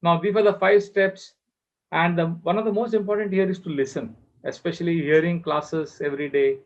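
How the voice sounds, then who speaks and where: A fairly high-voiced man gives a devotional class, telling a story with feeling. He acts out the voices of the people in his story. The sound is muffled, as over a video call. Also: steady tone, brisk. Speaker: spiritual teacher.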